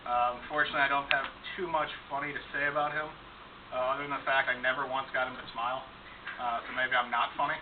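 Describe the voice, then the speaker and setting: A man's voice: mid-range voice, flat delivery, fast talker. A man giving a humorous speech as a flight instructor, telling stories dryly with fillers and chuckles. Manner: dry storytelling with fillers and chuckles. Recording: far-off mic, phone-like sound, noisy room.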